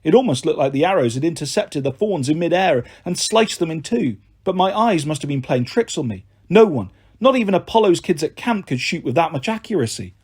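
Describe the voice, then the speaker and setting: Male audiobook narrator, lively pitch, husky tone, slightly high. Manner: expressive storytelling.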